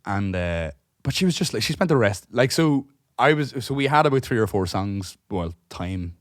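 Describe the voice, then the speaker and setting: A man, co-hosting a podcast and telling a story in casual chat, animated, swearing freely and acting out what people said. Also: on the low side, normal speed, no echo, studio quality. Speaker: podcast co-host.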